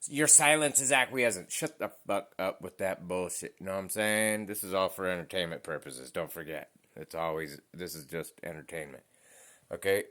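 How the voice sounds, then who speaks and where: A man's voice: deep voice, steady tone, normal speed, a bit bright. A man ranting to camera in a vlog, blunt and profane, with a heated edge to his talk. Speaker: vlogger.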